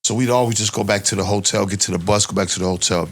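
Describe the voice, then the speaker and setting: Deep-voiced Boston man telling a story. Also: racing. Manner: animated, profane street storytelling, rises in pitch when reliving tense moments. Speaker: interview guest. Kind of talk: casual storytelling.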